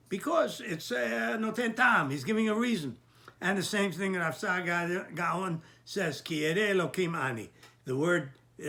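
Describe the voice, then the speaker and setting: A man teaching a Torah lesson, explaining a verse in a halting way with frequent restarts and Hebrew terms. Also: high voice, bright, forceful tone.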